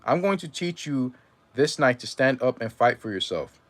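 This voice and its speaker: A man's voice: mid-range voice, expressive, moderate pace, fairly bright tone, natural voice. A man reading aloud and voicing a stern, hard-pressed mother who gives clipped, final commands.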